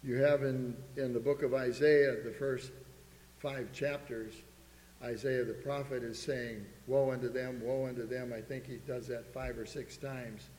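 A man's voice: mid-range voice, fairly even intonation, a little slow, darkish tone. Preacher man in an echoey hall. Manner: earnest preaching, reads scripture aloud. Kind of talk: sermon. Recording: echoey hall with faint hum.

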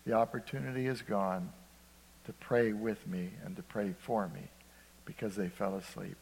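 An older man from Ohio preaching a sermon, shifting between loud emphasis and hushed, conversational storytelling. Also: lowish voice, steady tone, moderate pace, vocal fry, long reverb tail. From Ohio, USA.

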